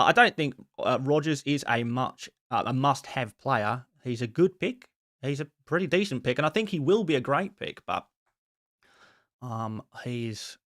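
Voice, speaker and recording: A man hosting a live stream chats casually and answers viewer questions one after another in a friendly, quick way. His voice sits at a middle pitch. The sound is dry and close, with little room echo. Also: a bit bright.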